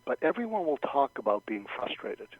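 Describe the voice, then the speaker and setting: Husky guy on a dull lo-fi dry recording, talks through examples, lots of restarts. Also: mid-range voice, normal speed, no echo. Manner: animated, acts out example phrases, frequent restarts. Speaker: guest expert. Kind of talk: interview advice.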